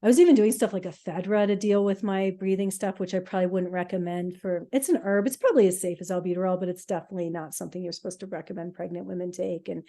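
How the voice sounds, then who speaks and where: A middle-aged woman, a podcast co-host, telling her own healing story in an emotional, halting way with many fillers. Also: fairly low pitch, steady tone, mellow. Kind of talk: casual personal storytelling.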